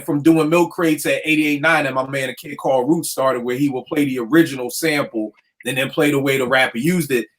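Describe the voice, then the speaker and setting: A man with a slightly raised voice chats casually as a host, storytelling in animated slang. He talks like a producer about beats and remembers songs with plenty of energy. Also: a little high. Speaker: podcast host; hip hop producer. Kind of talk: casual chat.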